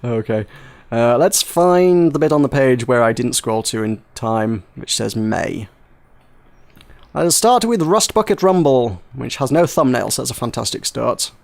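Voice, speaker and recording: A British man hosting a casual gaming podcast, jokey and rambling, quick to laugh. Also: mid-range voice, big pitch swings, gravelly. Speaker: podcast host.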